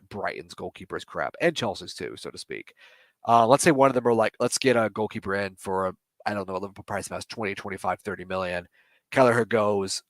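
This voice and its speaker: A man with a low voice chats on a live football stream, recorded dry and close to the mic. He rambles and corrects himself mid-sentence, offering strong opinions along the way. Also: dry recording. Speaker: podcast co-host.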